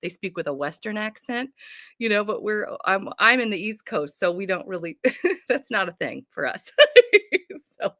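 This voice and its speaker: A woman's voice: mid-range voice, expressive, normal speed, pushed and bright, dry recording, clean studio sound. A woman from North Carolina hosting a livestream book chat, bubbly and gushing, laughing often. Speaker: host. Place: home.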